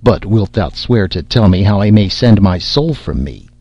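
Earnest, reckless young fisherman, a man reading him, deep and breathy, dry sound. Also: lively intonation, moderate pace, mellow, no echo, faint music behind. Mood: pleading. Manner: earnest, pleading. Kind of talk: audiobook character reading. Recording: slightly dull lo-fi audio.

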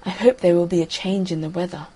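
A woman reading aloud as a selfish, grumpy male giant with a gruff voice. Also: on the low side, steady tone, fast, warm tone. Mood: puzzled.

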